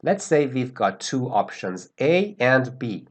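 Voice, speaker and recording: A male English teacher gives a grammar lesson at an unhurried, careful pace. His pitch moves a lot, rising and falling to stress key words, and he repeats words slowly so learners can copy them. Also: sing-song. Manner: slow, deliberate, repeats words for pronunciation.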